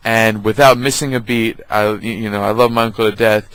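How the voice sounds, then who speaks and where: A man vlogger telling funny family stories in a casual, halting way, with many ums. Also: lowish voice, fairly even intonation, a bit bright, no echo, low-quality recording. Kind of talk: casual storytelling.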